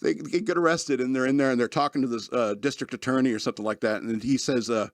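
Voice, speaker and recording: A man's voice: mid-range voice, fast talker, no echo. A man hosting a podcast, casually reviewing a movie, rambling with lots of fillers and often laughing as he retells scenes.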